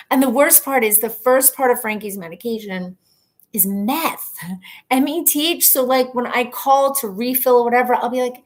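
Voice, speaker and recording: Speaking a little fast in a slightly high voice, a woman in her thirties hosts a relaxed live stream from her home. She reads out comments from viewers, chatting on and on and laughing at her own remarks.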